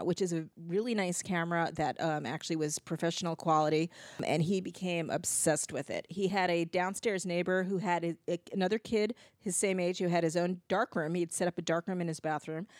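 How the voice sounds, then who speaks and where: A woman's voice: on the low side, dry recording, clean studio sound. A woman from New Jersey hosting a podcast, talking in a chatty storytelling way and laughing easily. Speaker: podcast host. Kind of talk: casual podcast chat.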